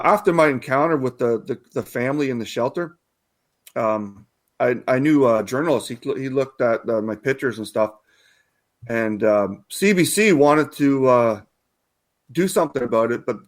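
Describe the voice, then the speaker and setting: A man from Canada, a guest researcher, talking casually in an interview, rambling with many fillers and restarts. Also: medium pitch.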